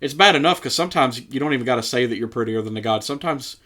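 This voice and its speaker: A man's voice: mid-range voice, lively intonation, very fast, over a noisy crowd. Rambling man chatting on a podcast. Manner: rambling, laughs often. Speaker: podcast co-host. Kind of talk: casual chat.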